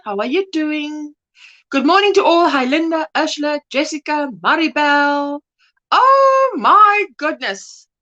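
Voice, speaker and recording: Middle-aged lady hosting a chill livestream, high voice that bounces around, takes her time. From United States. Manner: chatty, greets viewers warmly by name, frequent laughs. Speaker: livestream host. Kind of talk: casual chat reading viewer comments. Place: home by an open window, breeze blowing.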